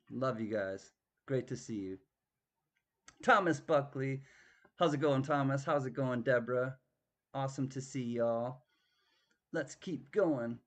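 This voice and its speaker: A man hosting a live online auction, greeting viewers by name in a playful, drawling way with bits of song. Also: mid-range voice. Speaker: auction host. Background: guitar music.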